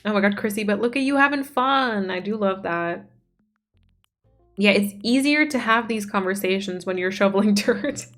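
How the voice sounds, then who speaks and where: A woman's voice: medium pitch, normal speed, fairly bright tone, faint music behind. A woman streamer chatting casually as she plays, reading out chat messages and gushing over the game. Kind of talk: casual chat while gaming.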